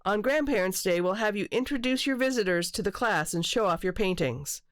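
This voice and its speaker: A woman voicing a kind, patient schoolteacher in a storybook read-aloud, speaking gently and warmly. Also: mid-range voice, expressive, fairly quick, no echo, studio quality, voice pushed up, close to an everyday voice. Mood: gentle.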